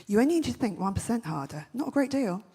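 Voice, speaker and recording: A woman giving a comic keynote talk on stage, telling punchy stories with quick, brash jokes. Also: fairly high pitch, sing-song, mellow, husky. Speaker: festival speaker. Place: large event stage.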